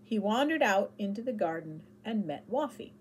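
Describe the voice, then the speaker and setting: A woman narrating a children's chapter book aloud with expressive storytelling. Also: medium pitch, moderate pace, slightly rough.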